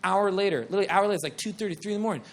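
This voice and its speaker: A young man telling a comic story at a live show, excitable and profane, rambling with lots of fillers. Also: high voice, rapid-fire, background noise.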